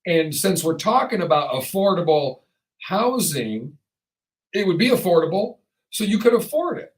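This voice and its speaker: A man hosting a casual podcast chat, rambling and animated, often acting out the voices of people he quotes. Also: sits high, normal speed, rough recording. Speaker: podcast host.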